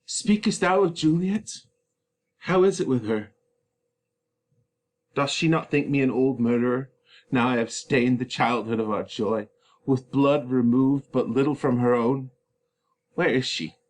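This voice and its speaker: A man's voice: mid-range voice, unhurried, long pauses, darkish tone, voice pushed up, close to an everyday voice. A man voicing a despairing young man in a reading of a stage play, declaiming verse with anguish. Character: grief-stricken young male lover, despairing.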